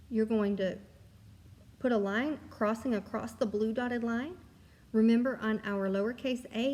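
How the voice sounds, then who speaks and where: A kindergarten teacher, a woman, giving a recorded lesson to young children in a gentle, encouraging way. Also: on the high side, big-room sound.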